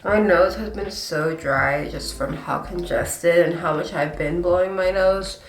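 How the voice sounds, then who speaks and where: A woman's voice: on the low side, a little slow, reverberant, distant mic, a little hiss or hum. A congested young woman with a stuffy nose, chatting and apologizing her way through a casual get-ready-with-me vlog at home. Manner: chatty, self-deprecating, apologetic. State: breathing hard. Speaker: beauty vlogger.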